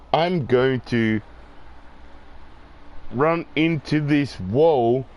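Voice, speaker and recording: A man's voice: medium pitch, a little mellow. A middle-aged man in a rambling, profane monologue, getting worked up as he rants.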